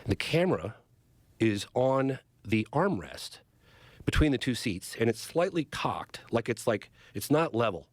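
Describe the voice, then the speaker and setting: A middle-aged man from Northern California, a documentary filmmaker who is a podcast guest, excitedly retelling a story and acting out the quotes. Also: mid-range voice, measured pace, dry recording. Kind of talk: animated storytelling in conversation. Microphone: studio podcast mic.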